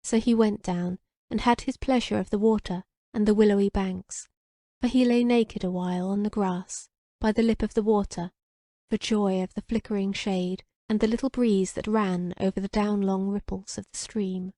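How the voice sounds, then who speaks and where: A woman narrating an old romance novel as an audiobook with an even, measured reading. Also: medium pitch, no room sound.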